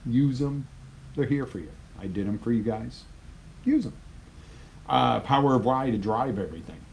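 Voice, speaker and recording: A man giving a live motivational talk as a life coach, emphatic and conversational, swinging from loud bursts to quiet asides. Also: medium pitch, animated, moderate pace, creaky, a little hiss or hum, low-quality recording.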